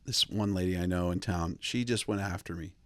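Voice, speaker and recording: A man hosting a podcast, talking in a rambling, joking way with quick asides and restarts. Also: low voice, a bit bright, no room sound. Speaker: podcast host. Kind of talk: casual podcast chat.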